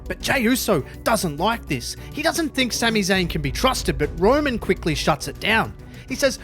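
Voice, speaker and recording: Upbeat man narrating, pitched high. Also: very animated, moderate pace, a bit bright, faint music behind. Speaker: YouTube storyteller. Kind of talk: scripted narration.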